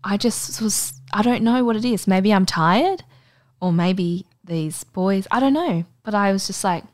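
A woman's voice: medium pitch, moderate pace. A young adult woman with an Australian accent, co-hosting a podcast in casual chat, telling stories bluntly with plenty of swearing. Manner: blunt, sweary, animated storyteller. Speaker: podcast co-host.

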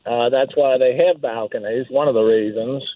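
An older man calling in to a radio show, telling a relaxed, chatty story. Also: mid-range voice, normal speed, no echo. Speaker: caller. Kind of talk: call-in radio chat. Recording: dry tinny phone line.

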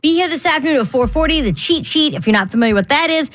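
A woman hosting a morning radio quiz show, brisk and playful, quick to laugh. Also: high-pitched, expressive.

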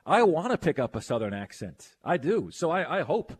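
A man's voice: fairly high pitch, breathy edge. A man hosting a sports radio show, chatting casually and reading listener texts aloud. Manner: animated, quick to protest, reads listener texts aloud.

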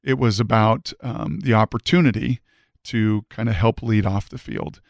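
A man's voice: lowish voice, fairly even intonation, moderate pace, vocal fry, no echo, clean studio sound. A man, a former football player, telling an emotional personal story as a podcast guest, earnest and fervent, often restarting his sentences.

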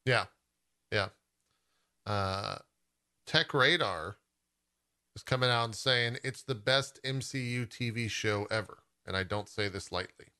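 Bright-toned man reading podcast reviews. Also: lowish voice, unhurried, pauses often, clean tone. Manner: easygoing, laughs often. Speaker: podcast co-host. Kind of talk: casual podcast chat, reading reviews aloud.

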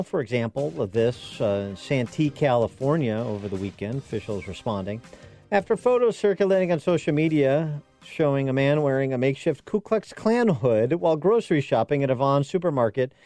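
A man's voice: mid-range voice, sing-song, a little fast, mellow, no echo, soft background music. A man hosting a talk radio show, giving sarcastic commentary with mocking asides and frequent fillers. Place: radio studio.

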